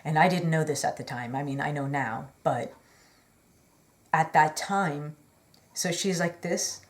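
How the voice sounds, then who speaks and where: Chatty low-voiced woman telling her story. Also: unhurried. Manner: chatty, rambling, many fillers; earnest, apologetic asides. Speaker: vlogger. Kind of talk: personal storytelling.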